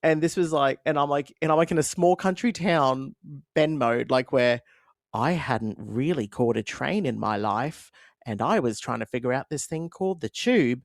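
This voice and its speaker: Gravelly, playful man co-hosting a podcast. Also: medium pitch, moderate pace, no room sound, clean studio sound. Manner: playful, self-mocking storyteller. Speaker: podcast co-host. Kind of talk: casual chat.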